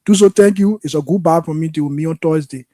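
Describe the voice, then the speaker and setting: A man's voice: on the high side, fairly quick. A man with a Liberian accent hosting a political call-in show, talking in an impassioned, frustrated way. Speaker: radio call-in host. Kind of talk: political talk show commentary.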